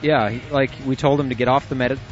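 Joking internet radio host, lo-fi sound. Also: male voice, medium pitch, fairly even intonation, fast, vocal fry. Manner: loose and jokey, laughs often, swears casually. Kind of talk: casual chat. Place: small room at home with the window shut. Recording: dull lo-fi sound, faint music.

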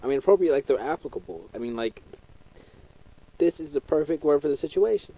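A man's voice: on the high side, animated, fast. A young man delivering a heated, profane, repetitive rant. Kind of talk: ranting monologue. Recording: dull lo-fi recording.

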